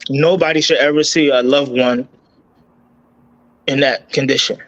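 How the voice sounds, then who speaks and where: A man telling a painful personal story as an interview guest, choked up and halting, with many restarts and repeated words. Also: medium pitch, fairly even intonation, a bit bright, poor audio.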